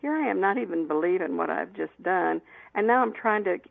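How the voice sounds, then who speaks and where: A woman guest telling lively anecdotes in an interview, laughing often and restarting her sentences. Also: fairly low pitch, a little fast, gravelly, no echo. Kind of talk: storytelling in an interview. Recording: tinny phone line, dry.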